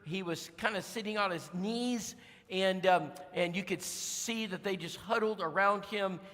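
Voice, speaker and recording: Bright high-voiced man preaching in a hall. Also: measured pace. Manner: folksy, with many fillers and restarts; acts out voices in his stories. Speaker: guest preacher. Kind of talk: storytelling sermon. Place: church auditorium.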